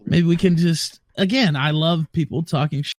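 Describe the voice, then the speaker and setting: A man moderating an online debate, trying to calm both sides down. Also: on the high side, normal speed.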